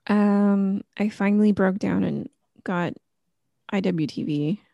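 A woman's voice: mid-range voice, slow pace, vocal fry, mellow, dry recording, highs cut off. A middle-aged woman co-hosting a podcast, chatting casually and rambling with lots of fillers. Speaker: podcast co-host. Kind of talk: casual chat.

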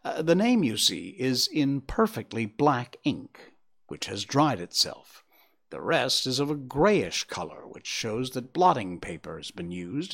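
A sharp Victorian detective, read by a man, laying out his deductions in a measured, clipped way. His voice rises and falls with lively emphasis as he reasons it through, like a storybook reading. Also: medium pitch. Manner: brisk deductive explaining, measured. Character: Victorian male detective, keen, clipped and analytical.

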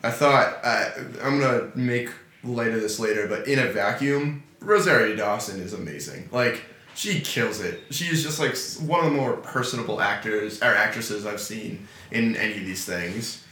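A man's voice: lowish voice, normal speed, sharp tone, echoey room. A man co-hosting a podcast, casually reviewing a TV series with lots of fillers and frequent laughter. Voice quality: laughs often, many fillers. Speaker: podcast co-host.

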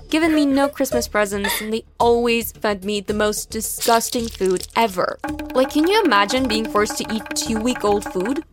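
A woman narrating a first-person story in an expressive, dramatic way. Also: a little high. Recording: background music.

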